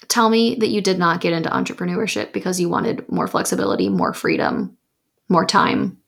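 A woman's voice: lowish voice, expressive, unhurried, vocal fry, pauses often, fairly bright tone. A young woman hosting a solo podcast, giving emphatic, coaching advice and acting out quoted excuses. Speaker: podcast host.

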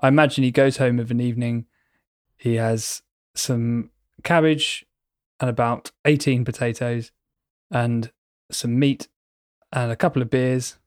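A man chats casually, rambling and playful, spinning vivid word pictures as he goes. His voice sits at a middle pitch. It is recorded close and dry, with no room sound. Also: steady tone, a little slow, dry recording. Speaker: podcast co-host. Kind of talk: casual chat.

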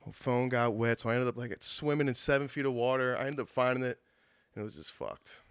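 A man's voice: mid-range voice, brisk, fairly bright tone, smooth, dry recording, clean studio sound. Laid-back young man telling a story. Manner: laid-back storytelling, many fillers and swearing. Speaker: podcast guest. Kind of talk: casual chat.

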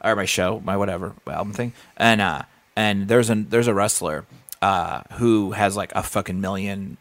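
A man's voice: fairly low pitch, moderate pace, a bit bright, no echo. A man, a comedian, rambling through stories in casual podcast chat, acting out what people said and swearing freely. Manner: rambling storyteller, acts out quotes, swears casually. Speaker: comedian and co-host.

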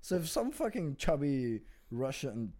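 A man's voice: medium pitch, normal speed. A man from Peru, a recurring guest comedian, chatting casually on a podcast, swearing a lot and calling his friend "dude" and "bro.". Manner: profane, animated, swears often, says "dude" and "bro".

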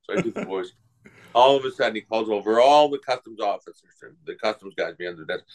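A man's voice: lowish voice, animated, fast talker. An older man, a guest voice actor, telling rambling anecdotes in a casual interview and acting out the people he quotes.

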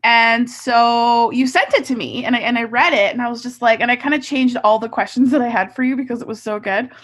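A Canadian woman hosting a podcast interview over a video call, animated and chatty, laughing often and restarting her sentences. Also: on the high side, fairly quick. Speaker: podcast host. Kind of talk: casual interview chat.

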